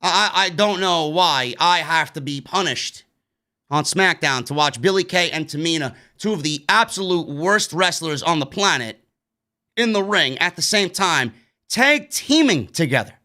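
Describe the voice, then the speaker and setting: Man, New York accent, high bright voice, sarcastic, blunt, swearing, wrestling show recap. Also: expressive, moderate pace. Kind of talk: casual recap commentary.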